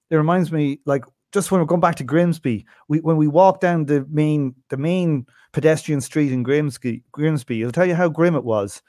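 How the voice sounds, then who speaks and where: A man's voice: on the high side, darkish tone, no echo, studio quality. Profane Irish man telling stories. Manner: profane anecdotal storyteller. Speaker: podcast co-host. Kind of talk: casual chat.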